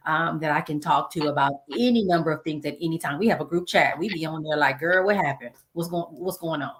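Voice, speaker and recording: A woman's voice: sits low, a bit bright, slight background noise. A woman speaking as an interview guest in a friendly, reassuring, conversational way. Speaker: guest, public health advocate. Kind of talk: casual interview talk.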